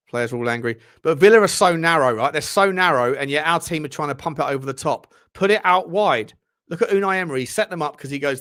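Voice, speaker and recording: A man hosts a live football watchalong from his room at home, swearing and yelling at the players between stretches of commentary. His voice sits fairly high and swings widely in pitch. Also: lively intonation, quick pace. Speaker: football channel host.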